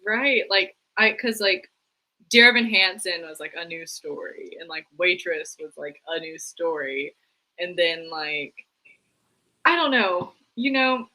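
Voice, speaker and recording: A young woman co-hosting a live stream, chatting casually about theater news, full of "like" and quick laughs. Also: fairly low pitch, lively intonation, sharp tone, poor audio. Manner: chatty, lots of "like", laughs easily. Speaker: co-host.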